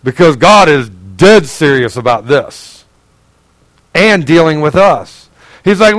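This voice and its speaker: A male pastor preaching in a conversational, earnest way, asking the congregation direct questions and swinging between raised, emphatic passages and quiet, low asides. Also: very animated, slow, no room sound, poor audio. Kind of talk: sermon.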